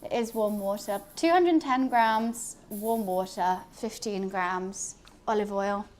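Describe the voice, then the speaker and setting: A woman's voice: medium pitch, slow, a little mellow, slight background noise. A woman streaming as she cooks, chatting in a scattered, casual way and talking to her cat. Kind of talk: casual cooking stream chat.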